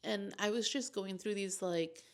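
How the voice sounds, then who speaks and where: A woman's voice: medium pitch, measured pace. A young woman vlogger telling a personal story in a casual, emotional, rambling way with lots of fillers.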